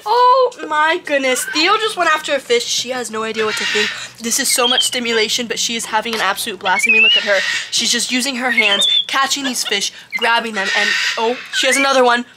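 A woman's voice: on the high side, fairly quick, few pauses. A young woman vlogging outdoors with her pet monkeys, gushing, squealing and using baby talk with the animals. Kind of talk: excited vlog narration. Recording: loud background noise.

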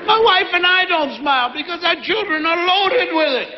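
A man's voice: extremely high pitch, expressive, normal speed, background noise. A middle-aged male comedian doing stand-up, telling family stories in a conversational way and acting out the people in them. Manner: conversational, acts out family scenes. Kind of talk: stand-up storytelling. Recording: dull, reverberant live recording.

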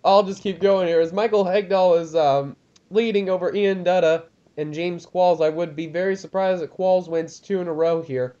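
A young man calls a sim race in a loose, rambling way, filling gaps with ums and perking up when cars spin. His voice sits a little high and mellow. The mic sounds dull and lo-fi. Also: normal speed. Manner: rambling, lots of ums, excitable about crashes. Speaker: lead commentator of a sim racing league. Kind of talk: casual race commentary.

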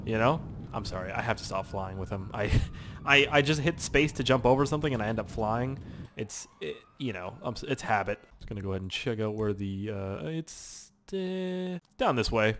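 A man's voice: lowish voice, expressive, moderate pace, a bit bright, slight background noise. A young man with a Canadian accent giving casual, rambling gameplay commentary, chatty and sweary, with lots of fillers and repeats. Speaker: gaming channel host.

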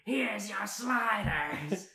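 Man voicing cackling flirty waitress, high, loud, drawn out, echoey room. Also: expressive, drawn-out words, a crowd in the background, heavily acted. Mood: teasing. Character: flirty fast-food server woman. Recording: roomy echo.

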